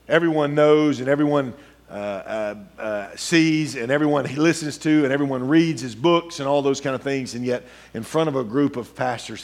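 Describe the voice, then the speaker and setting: A middle-aged man preaching a sermon, telling a story quietly, then building into rising, urgent preaching. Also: mid-range voice.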